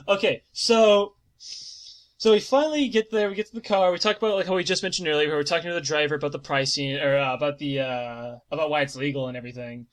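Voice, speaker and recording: A man in his twenties with a fairly high voice tells a funny personal story on a podcast. He's animated and curses freely, occasionally bursting into theatrical mock singing.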